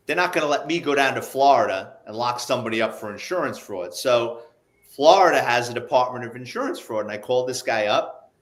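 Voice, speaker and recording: A man spins old police stories in a casual, conversational tone. He slips into quick voices for the people he describes, keeping it lively. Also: mid-range voice. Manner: animated, acts out the people in his stories. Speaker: guest, retired police investigator. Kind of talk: casual storytelling.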